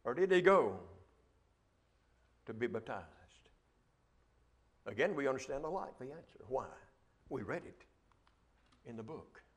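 A man's voice: mid-range voice, expressive, unhurried, long pauses. A man preaching a sermon, reading scripture and asking rhetorical questions with a repeated refrain.

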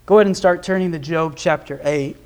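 A man's voice: fairly high pitch, brisk. A young man from Nebraska preaching a sermon, earnest and lifting his voice when he reads scripture. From Nebraska, USA. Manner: earnest, rises in emphasis when quoting scripture.

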